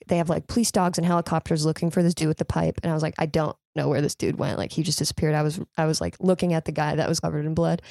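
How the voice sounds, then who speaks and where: Young woman guest, low-ish voice, rambling comic storyteller, dry close sound. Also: no room sound. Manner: lively, chatty, swears freely, heavy use of "like". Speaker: podcast guest. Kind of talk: casual comedic storytelling.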